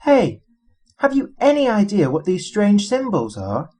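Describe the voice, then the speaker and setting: A male audiobook reader voicing a wary, fastidious young woman who sounds nervous and distasteful. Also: high voice, wildly swooping pitch, darkish tone, voice pushed up, exaggerated voice.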